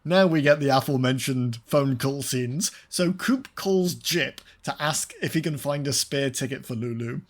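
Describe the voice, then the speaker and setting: A man's voice: medium pitch, moderate pace, few pauses. A man hosting a casual film podcast, sarcastic and swearing, often laughing. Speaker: podcast host.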